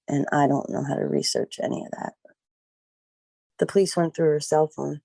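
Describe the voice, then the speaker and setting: Low, gravelly middle-aged woman. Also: steady tone, normal speed, dark tone, no room sound, low-quality recording. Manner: rambling, fills speech with "like" and "you know". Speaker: guest, mother of a missing daughter. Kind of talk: emotional personal recollection.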